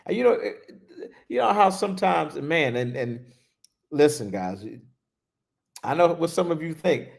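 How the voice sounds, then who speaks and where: A man preaching a sermon as a bishop, animated and laughing, repeating key phrases for emphasis. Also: on the high side, a little slow, creaky, long pauses. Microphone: livestream.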